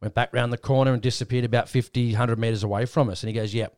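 An Australian man on his podcast speaks fast in a mid-range voice, telling a rambling tale in casual chat. He acts out others' words in an animated retelling, and the studio-quality audio has no room sound.

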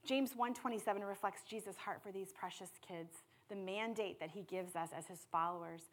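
Husky-voiced woman preaching with passion. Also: mid-range voice, brisk. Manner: impassioned, swings from hushed to loud. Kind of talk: sermon.

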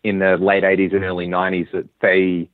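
An Australian man, a guest musician, telling a long story in a relaxed, rambling way with frequent restarts. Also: sits low, fairly quick, no echo. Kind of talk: casual interview chat. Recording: tinny phone-line sound, dry.

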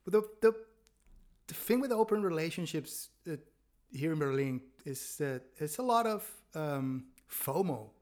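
A man's voice: on the high side, lively intonation, a little slow, a little mellow. A man chatting candidly on a podcast about his dating life, laughing often as he rambles through stories. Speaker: podcast guest, stand-up comedian. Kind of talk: casual chat. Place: Berlin.

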